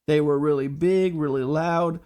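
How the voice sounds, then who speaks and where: A man's voice: fairly high pitch, fairly even intonation, measured pace, darkish tone, clear, resonant tone. Congested man musing on reaction clips. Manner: easygoing, musing aloud with small laughs. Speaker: reaction video host. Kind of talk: casual reaction commentary.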